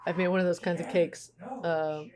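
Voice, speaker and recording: Casual woman streamer, a little low-pitched, chatting with her viewers. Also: flat delivery, moderate pace, crowd noise. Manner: chatty, reads chat aloud. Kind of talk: casual chat with live chat.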